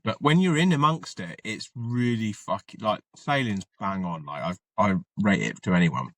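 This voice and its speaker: Bloke on a podcast mic, lowish voice, swears a lot, rambles along with loads of fillers. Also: male voice, animated, brisk, a bit bright, dry recording. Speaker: podcast guest, army veteran. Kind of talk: casual storytelling chat.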